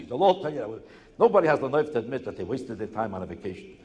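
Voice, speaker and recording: A man doing stand-up comedy before a live audience, talking rapidly and insistently with rhetorical questions and repetition. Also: mid-range voice, very animated, a little mellow, muffled recording. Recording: echoey hall, live show.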